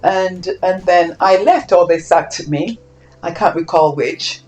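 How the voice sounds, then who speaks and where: An older woman from Saint Kitts, interviewed about her life, speaking reflectively and growing animated as she acts out old exchanges. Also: on the low side, slow, faint music behind, poor audio. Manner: reflective, animated when acting out quoted exchanges. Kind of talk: oral history interview.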